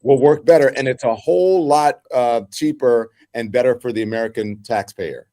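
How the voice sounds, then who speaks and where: A man hosting a live political talk show, animated, with many fillers and restarts. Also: medium pitch, normal speed, no room sound, studio quality. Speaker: host.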